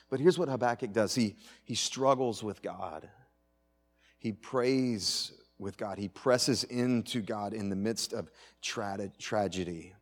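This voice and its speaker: A male pastor preaching a sermon to a congregation, animated, moving between loud emphasis and quiet asides and often restarting his phrases. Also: lowish voice. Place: church sanctuary with audience. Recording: reverberant church hall.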